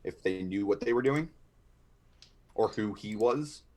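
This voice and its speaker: A man with a lowish voice takes part in a tabletop game. He thinks his way through plans aloud and asks questions to steer the group. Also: unhurried, darkish tone. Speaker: player. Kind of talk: tabletop role-play talk.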